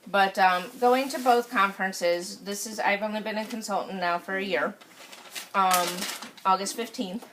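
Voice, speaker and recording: A woman sales consultant speaks casually and emotionally to her group at a meeting, gushing while she searches for words. Her voice is medium-pitched, steady, a bit bright, and moderately paced, captured in a noisy room.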